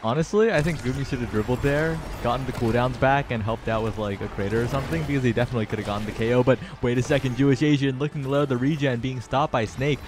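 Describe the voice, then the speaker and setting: A man casting a live esports tournament with energetic play-by-play that rises with the action. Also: medium pitch, fast talker, few pauses. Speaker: esports caster.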